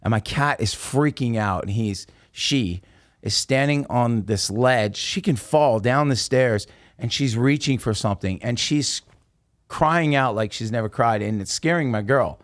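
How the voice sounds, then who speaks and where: Male podcast guest, mid-pitched, animated storyteller, dry close sound. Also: measured pace, dry recording. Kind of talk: casual storytelling.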